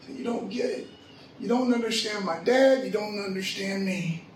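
High-voiced casual preacher in an echoey room. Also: male voice, normal speed, far from the mic, a little hiss or hum. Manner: casual storytelling, slangy. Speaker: pastor. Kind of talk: sermon.

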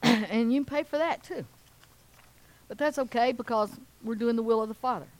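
A woman, preaching and telling a story with lively acted-out voices of a cheering crowd. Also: normal speed. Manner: animated, acts out cheering crowds in a high voice. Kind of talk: sermon storytelling.

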